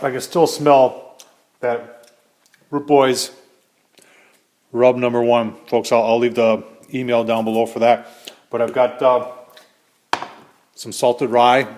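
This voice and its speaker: A man's voice: medium pitch, flat delivery, slow pace, pauses often, darkish tone. Folksy middle-aged man cooking. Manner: folksy, chatty, addresses viewers as folks. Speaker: cooking channel host. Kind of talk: casual cooking demo to camera.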